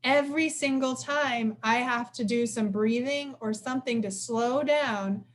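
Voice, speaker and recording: A woman in her forties presenting a relaxed workshop to a group, with a somewhat high voice. She talks quickly and animatedly, breaking into quick acted-out quotes in a higher voice. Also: slight background noise. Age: 40s. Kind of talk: casual live lecture.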